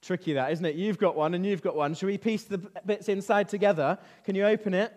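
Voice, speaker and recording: A man leading an interactive Bible lesson for children, lively and constantly asking them questions. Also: high-pitched, fast. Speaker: children's talk leader. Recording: reverberant hall.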